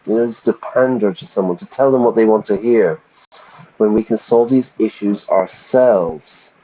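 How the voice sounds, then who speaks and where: A man's voice: medium pitch, normal speed, dark tone, dull audio. A man streaming a game who reads its text aloud and stops to explain vocabulary, chatty, and now and then stumbling over repeated words. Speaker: English teacher streaming a game.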